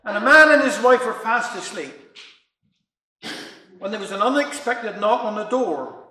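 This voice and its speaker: Brief: male storyteller, high bright voice, roomy echo. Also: animated, moderate pace. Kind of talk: dialect joke telling.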